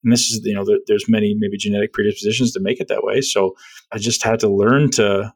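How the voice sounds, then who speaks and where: On a podcast with poor audio, a middle-aged man explains ideas quickly and casually, frequently asking "right?". His voice is fairly low, steady, and slightly rough.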